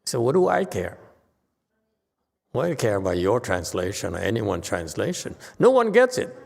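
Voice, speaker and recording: Blunt gravelly man lecturing in a hall. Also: lowish voice, huge pitch swings, normal speed, darkish tone. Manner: blunt, dismissive, argumentative. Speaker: Buddhist teacher. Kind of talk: dharma lecture.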